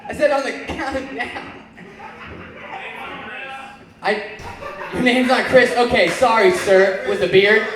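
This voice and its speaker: A high-pitched man works the crowd in loose, joking stand-up. He is recorded in a very echoey small bar with the audience clearly heard around him. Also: moderate pace. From Oklahoma. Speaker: stand-up comic. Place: small bar lounge stage.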